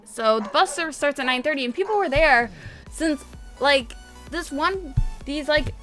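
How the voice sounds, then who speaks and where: A young woman from northwest Indiana tells a story in a high, bright voice, chatty and excitable, with "like" in nearly every phrase. Faint music plays softly behind her. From northwest Indiana, USA. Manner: chatty, excitable, lots of "like" fillers. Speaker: gaming vlogger. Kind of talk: casual storytelling over gameplay.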